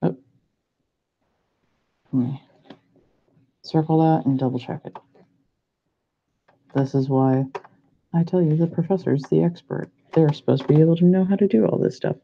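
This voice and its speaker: A man's voice: a little high, gravelly, slight background noise. Young man muttering through math problems. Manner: muttering to himself, unhurried, self-doubting. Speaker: pharmacy student. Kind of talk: thinking aloud while working practice problems. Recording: muffled lo-fi recording.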